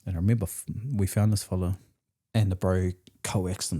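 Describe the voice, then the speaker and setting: A man's voice: deep voice, flat delivery, normal speed, warm tone. A man from New Zealand with a New Zealand accent, a podcast guest telling his story in a blunt, profane, slangy way. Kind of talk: candid storytelling in conversation.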